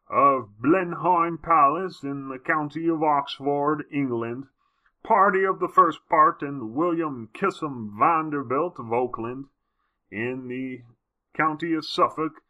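A man putting on a pompous noble voice to read an old marriage contract aloud, slow and stately. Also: bright, forceful tone, lo-fi sound. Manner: slow, stately, raised pitch.

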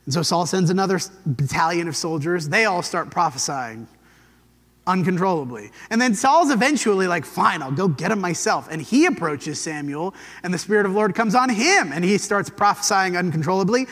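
In a large hall, a man with a high voice teaches a Bible lesson briskly yet in a relaxed, conversational way. He tells the story and briefly acts out the quotes.

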